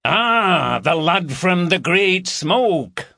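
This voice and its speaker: A man's voice: sits high, very animated, gravelly, pushed and bright, no echo, studio quality, voice pushed up, heavily acted. A man voicing a jovial, teasing male chief inspector with a Yorkshire accent. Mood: hearty. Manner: hearty, teasing, brisk.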